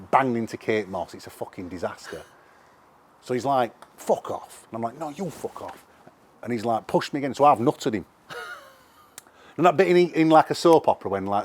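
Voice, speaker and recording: A middle-aged man with a Sheffield accent, a musician telling animated, sweary anecdotes in a casual interview. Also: mid-range voice. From England. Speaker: musician guest.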